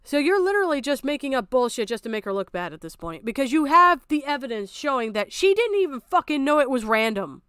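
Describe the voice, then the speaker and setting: A high-pitched woman talks straight into a dry, close mic during a reaction stream. Her commentary is blunt and profane, full of exasperated asides. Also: sing-song, brisk, hardly any pauses, fairly bright tone, clear, resonant tone, no echo. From outside America.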